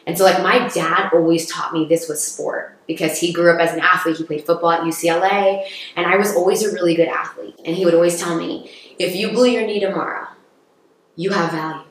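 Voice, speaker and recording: A woman's voice: lowish voice, flat delivery, fairly quick. A young adult woman, an actress, speaking earnestly and thoughtfully in a reflective podcast conversation. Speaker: guest, actress. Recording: echoey room.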